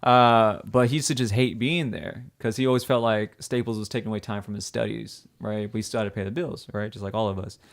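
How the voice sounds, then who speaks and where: Animated young man telling stories. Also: lowish voice, a little fast, hardly any pauses. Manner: animated, laughing storyteller. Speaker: podcast co-host. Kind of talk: casual storytelling chat.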